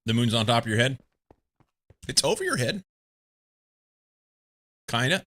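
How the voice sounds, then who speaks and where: A man's voice: medium pitch, sing-song, a bit bright. A man streaming a game, chatting casually with viewers and musing to himself as he plays. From England. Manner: slow, musing, talks to himself and to chat. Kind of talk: casual live-stream chat while playing.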